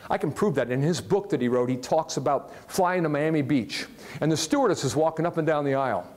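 Animated man giving a motivational talk. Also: a little high, a little fast. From Ohio, USA. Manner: animated, jokey, asks the audience questions. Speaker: motivational speaker. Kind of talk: live motivational talk to an audience. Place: large hall with a live audience.

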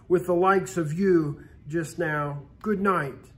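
A man's voice: fairly high pitch, fairly even intonation, takes it slowly. A man doing a haughty, snappish butler. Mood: curt. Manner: snappish, dismissive. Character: haughty butler, curt and cold.

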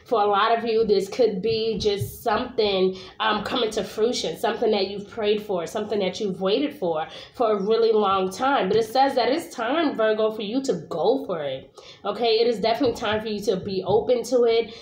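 A woman from Brooklyn, New York, gives a casual tarot reading in a chatty, informal way, dropping the odd curse and checking in with "okay?". Her voice sits at a middle pitch. The recording has a roomy echo. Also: moderate pace. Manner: chatty, casual, swears, often tags "okay?". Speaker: tarot reader. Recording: echoey room.

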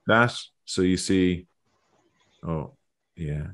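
Deep-voiced man rambling through a lesson. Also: very slow, a bit bright. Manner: rambling, thinking aloud, repeating words. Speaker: Irish learning video host. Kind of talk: casual online lesson. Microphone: video call.

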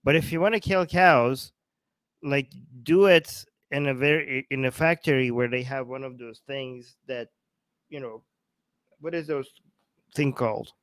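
A man's voice: medium pitch, a little slow, fairly bright tone, no echo. A man hosting a casual talk show, rambling and searching for words as he gives his opinions. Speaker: show host.

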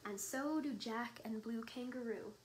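A woman voicing a gentle, patient mother in a read-aloud storybook, calm and reassuring. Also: fairly high pitch, measured pace, a little hiss or hum, lightly acted, rough recording.

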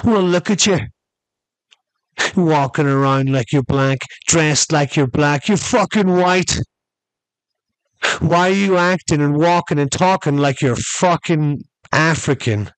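A man voicing a confrontational man who shouts taunts across a club. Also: a little high, slow pace, no room sound, pitched above the performer's own voice, poor audio. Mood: angry.

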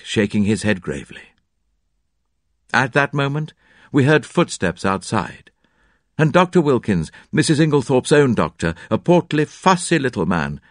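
Expressive male storybook narrator. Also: on the low side, no room sound, studio quality. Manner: expressive, varied delivery. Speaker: audiobook narrator.

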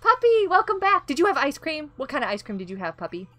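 A woman hosting a casual gameplay live stream, excitable and giggly as she reacts to the game and greets viewers by name. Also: a little high, very fast, faint music behind.

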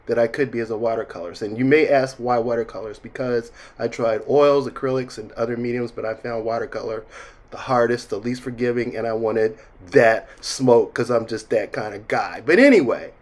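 Guy talking thru his watercolor painting, chatty and joking at himself, middle-pitched voice. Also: fairly quick. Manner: chatty and self-mocking, jokes, says y'all. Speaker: watercolor artist teaching. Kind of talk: casual painting tutorial voice-over.

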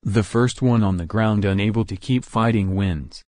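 A composed, cunning teenage villain who measures every word, as a man reading a fan story puts him on. The voice is low. The sound is dry. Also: normal speed, a little mellow, dry recording, natural voice. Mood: calm. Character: quiet, cunning teenage boy turned villain.

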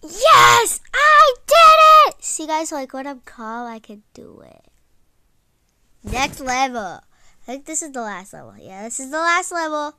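A young woman giving casual commentary on her gameplay, often frustrated, exclaiming loudly, then dropping to whispers. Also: sits high, sing-song, unhurried, background noise. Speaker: gaming vlogger.

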